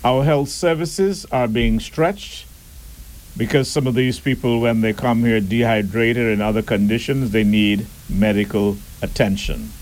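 A man giving a deliberate, emphatic public address and asking rhetorical questions. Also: mid-range voice, steady tone, darkish tone, rough recording. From Turks and Caicos Islands.

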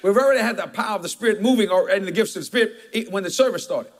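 A pastor delivers a sermon in a notably high voice. He mixes firm declarations with folksy, chuckling storytelling and emphatic asides to his congregation. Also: racing.

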